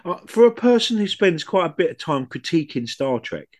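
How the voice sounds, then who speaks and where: Man, podcast co-host, lively pitch, modest, soft-spoken. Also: moderate pace. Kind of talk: casual podcast chat.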